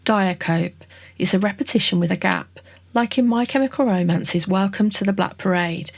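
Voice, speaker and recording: A woman giving a scripted songwriting lesson, explaining each term in a clear, measured, list-like way. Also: mid-range voice, no echo, clean studio sound. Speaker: songwriting tutorial narrator. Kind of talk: scripted educational narration.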